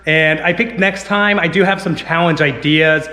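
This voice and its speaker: A man vlogging casually to camera, rambling with lots of filler words, his voice a little hoarse. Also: a little high, normal speed, pushed and bright. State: slightly hoarse. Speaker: vlogger and online reseller. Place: inside a house. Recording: echoey room with long reverb.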